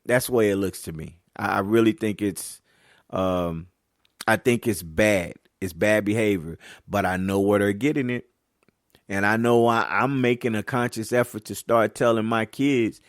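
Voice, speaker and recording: A man hosting a casual podcast monologue as a youth basketball coach, talking candidly and telling stories, getting animated when riled up. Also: fairly low pitch, dry recording, clean studio sound. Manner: slips into casual Southern-leaning American speech (y'all, ain't).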